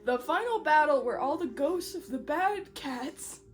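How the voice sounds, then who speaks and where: A young woman hosting a casual podcast, recapping a story in a giggly, animated way with lots of fillers. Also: high voice, unhurried. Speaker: podcast host.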